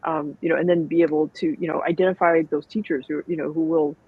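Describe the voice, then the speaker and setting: A woman host chatting casually and fast, with many filler words. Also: deep voice, steady tone, breathy edge, no echo, phone-quality sound. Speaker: podcast host. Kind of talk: casual chat.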